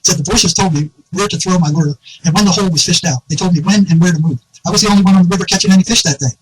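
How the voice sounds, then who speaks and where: Fast-talking man telling a wild story. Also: high voice, a little hiss or hum, low-quality recording. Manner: animated anecdote teller, quotes others, laughs often. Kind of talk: casual storytelling conversation.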